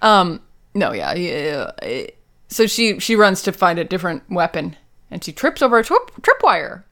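A woman's voice: huge pitch swings, normal speed, a bit bright. A woman co-hosting a podcast, chatting casually and playfully as she recaps a TV episode. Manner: playful, jokey, acts out quotes with big swings in pitch. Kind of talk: casual chat.

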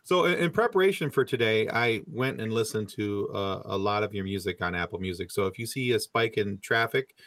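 A man's voice: on the low side, animated, fairly quick, hardly any pauses, fairly bright tone, no echo. Easygoing male host, dry close sound. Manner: joking, easygoing, self-deprecating. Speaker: podcast host. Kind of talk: casual interview chat.

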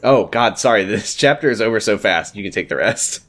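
Animated mid-pitched man, dry asides. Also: fairly quick. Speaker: podcast co-host reading fanfiction aloud. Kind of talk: comedic reading with banter.

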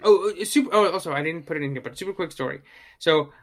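A man co-hosting a casual movie chat, rambling with lots of fillers and animated asides. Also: a little high, quick pace. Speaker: podcast co-host.

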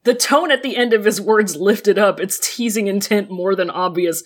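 A woman's voice: mid-range voice, moderate pace. A young woman co-hosting a podcast in casual chat, giggling and swearing wryly. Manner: giggly, wry and profane. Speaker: podcast co-host.

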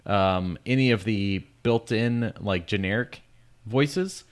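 A man's voice: on the low side, takes it slowly, smooth. A man co-hosting a podcast in casual chat, easygoing and making self-mocking jokes. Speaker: podcast co-host.

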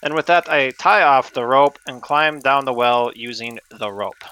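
A man's voice: medium pitch, moderate pace, sharp tone, clean tone, dry recording, low-quality recording. A man playing a tabletop role-playing game, making wry, grumbling asides to the group. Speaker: player. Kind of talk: casual tabletop play.

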